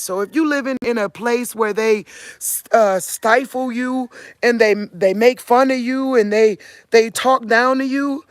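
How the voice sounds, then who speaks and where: A woman's voice: fairly high pitch, dry recording. A woman in her forties from Cleveland with a country Midwestern drawl, talking earnestly to her viewers in a casual monologue. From Cleveland, Ohio. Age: 40s. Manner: earnest, talks in a drawl, keeps asking "you get what I'm saying?". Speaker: vlogger.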